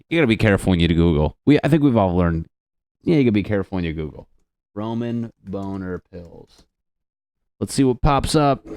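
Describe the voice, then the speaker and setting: A man's voice: on the low side, a little mellow, smooth, no room sound. A young man hosting a solo comedy podcast, rambling and swearing, laughing at his own jokes, close on the mic. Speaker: podcast host.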